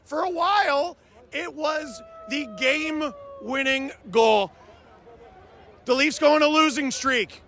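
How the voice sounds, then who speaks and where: A man in his thirties, a hockey fan commentator, delivering a loud, yelling rant. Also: very high-pitched, slow pace.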